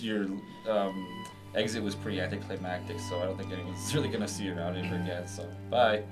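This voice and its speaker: Lowish guy rambling on a podcast, crude jokes, music playing under him. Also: fairly even intonation, fast. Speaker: podcast co-host. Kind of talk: casual podcast chat.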